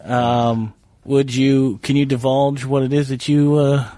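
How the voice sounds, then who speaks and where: A man's voice: mid-range voice, little pitch movement, measured pace, mellow, no echo. A man hosting a casual chat, rambling with fillers and laughing often. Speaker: podcast host.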